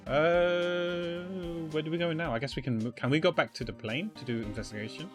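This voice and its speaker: A man's voice: on the high side, a little fast. A man streaming a video game, rambling and thinking aloud in casual commentary. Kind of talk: casual let's-play commentary. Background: faint game music.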